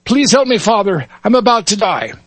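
A young lad pleads weakly, as a man puts him on in a joke. The voice is raised high, and the sound is dry and close. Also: big pitch swings, moderate pace, fairly bright tone, slightly rough, no echo, full character voice. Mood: pleading.

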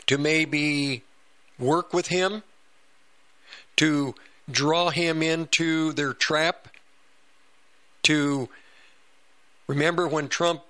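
A man talks political commentary on the radio, slowly and deliberately. His voice is bright and forceful, a little higher than most men's. He wanders and repeats himself as he goes. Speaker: radio show host.

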